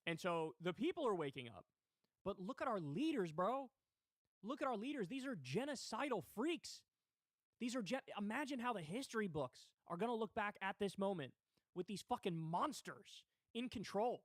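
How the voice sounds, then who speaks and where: A man's voice: high voice, big pitch swings, moderate pace, no echo, clean studio sound. A man hosting a political commentary livestream, talking in a heated, indignant way with swearing. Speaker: livestream host.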